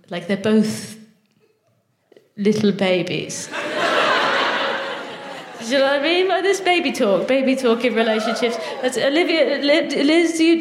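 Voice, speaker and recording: A woman performing a stand-up set at a live show, chatting with audience members between jokes. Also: high voice. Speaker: stand-up comedian. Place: large live venue before an audience. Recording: roomy live hall with faint noise.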